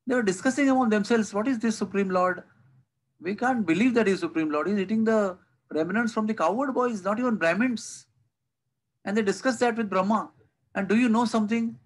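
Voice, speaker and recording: Over a video call with poor audio, a high-voiced man delivers a devotional lecture as a spiritual teacher. He tells stories, poses rhetorical questions, and adds lively emphasis.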